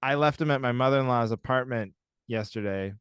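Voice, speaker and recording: A young man co-hosting a podcast in casual, jokey chat, arguing playfully and telling stories with a slightly husky throat. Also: medium pitch, brisk, a bit bright, no room sound, clean studio sound. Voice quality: husky, like a smoker's voice right now. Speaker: podcast co-host.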